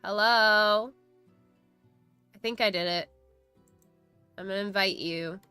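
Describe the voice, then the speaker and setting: A woman's voice: mid-range voice, takes it slowly, bright, forceful tone, smooth, dry recording, faint music behind. A woman hosting a casual study live stream, chatting and reading chat messages aloud with frequent laughs.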